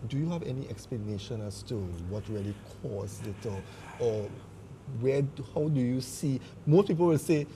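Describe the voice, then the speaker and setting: A man hosting a sports show, listening attentively with short affirmations and asking measured questions. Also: medium pitch, lively intonation, dark tone, a little hiss or hum. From Trinidad and Tobago. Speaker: show host. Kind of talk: interviewing a guest.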